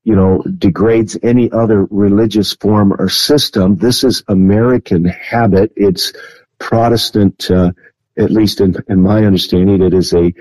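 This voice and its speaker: A man with a lowish, mellow voice explains his views in a measured, earnest way, pausing often to find his words. The sound is close and dry. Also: steady tone, dry recording, rough recording. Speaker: guest. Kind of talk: interview answer on biblical prophecy.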